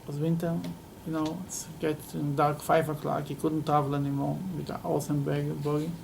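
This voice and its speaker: A man, a rabbi teaching a weekly Torah class, telling an animated story that is sprinkled with Yiddish and Hebrew words. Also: a little high, normal speed, creaky, background noise.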